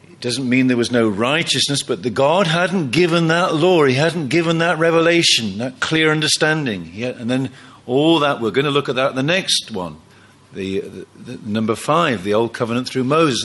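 A man's voice: mid-range voice, a bit bright. A man preaching a sermon, emphatic, often acting out quoted lines.

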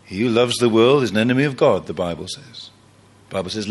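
Animated male preacher, lively pitch. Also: normal speed. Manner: animated, emphatic preaching with quoted dialogue. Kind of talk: sermon.

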